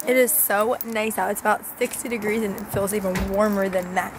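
A young woman with a hoarse, fading voice, chatting to a handheld camera at home as a family vlogger. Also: mid-range voice, steady tone, fairly quick, few pauses, a little hiss or hum. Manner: chatty and rambling, with many asides. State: hoarse, losing her voice. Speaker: family vlogger, mother of a baby. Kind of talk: casual vlog chat to camera.

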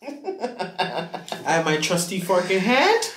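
A young woman co-hosting a mukbang in casual chat, sassy and animated, often calling people "girl.". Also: fairly low pitch, slow, slight background noise. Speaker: mukbang co-host. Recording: roomy echo.

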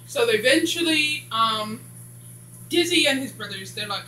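A woman's voice: on the high side, normal speed, bright, forceful tone. A woman casually recapping a TV episode, rambling and skipping dialogue with "blah, blah.". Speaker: TV show reviewer. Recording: echoey room with faint hum.

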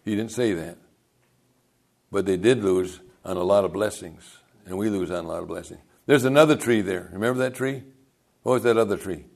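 A man's voice: fairly low pitch, a little fast, gravelly, darkish tone. An older man preaching a sermon as pastor, telling folksy stories and calling out to the congregation.

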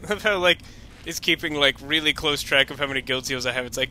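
A man's voice: mid-range voice, fast, pushed and bright, slight background noise. A man giving rambling, jokey commentary while playing a video game, full of sarcastic asides. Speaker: let's-play commentator. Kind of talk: casual gameplay commentary.

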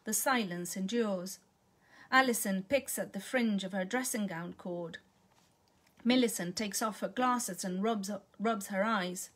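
A woman reading a literary short story aloud in a measured, calm manner. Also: medium pitch. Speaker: reader.

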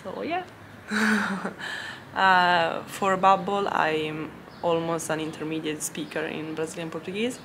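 Young non-native woman vlogging, slow and giggly, lowish voice, faint background hum. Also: steady tone. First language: not English. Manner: chatty, giggly, with many fillers and restarts. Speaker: language-learning vlogger. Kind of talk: casual vlog chat.

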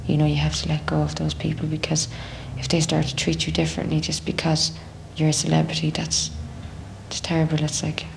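Low-voiced Irish young woman, chatty. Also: brisk, creaky, slight background noise. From Ireland. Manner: chatty, animated, acts out others' voices in quotes. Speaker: singer in a band. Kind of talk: casual promotional interview.

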